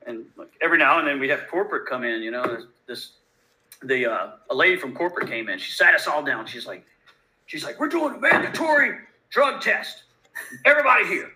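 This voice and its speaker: A man from Louisiana, a bartender guest telling profane, animated stories in a casual interview. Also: mid-range voice, quick pace, rough recording. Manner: profane, animated, laid-back. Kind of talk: casual storytelling.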